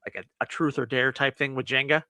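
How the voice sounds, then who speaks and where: A man co-hosts a movie review podcast, retelling a film's plot with lots of energy and acting out the lines. His mid-range voice moves fast, with no echo, and he laughs often in this casual chat.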